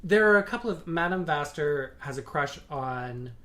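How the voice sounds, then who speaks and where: A woman's voice: low-pitched, expressive, normal speed, fairly bright tone. A woman co-hosting a podcast in casual chat, jumping between points. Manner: chatty, jumps between points. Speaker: podcast co-host.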